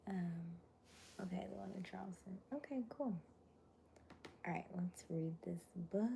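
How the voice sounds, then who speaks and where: Young woman streamer, sleepy whispered chat, slow and gravelly, faint noise behind. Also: mid-range voice. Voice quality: whispered voice to preserve it. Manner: soft whispery, chatting with viewers. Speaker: livestream host. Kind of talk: casual live chat.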